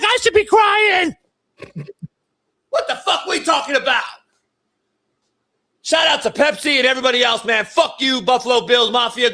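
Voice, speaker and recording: A man putting on a fired football coach who screams a profane, crying rant in a high strained voice. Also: bright, forceful tone. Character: ranting fired male football coach, sobbing and furious.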